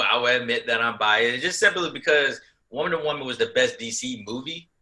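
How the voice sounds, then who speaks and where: Young man, very bright, sharp tone, emphatic and repetitive. Casual banter. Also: medium pitch. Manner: emphatic, repeats himself. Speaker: film crew member. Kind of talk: casual chat, game discussion.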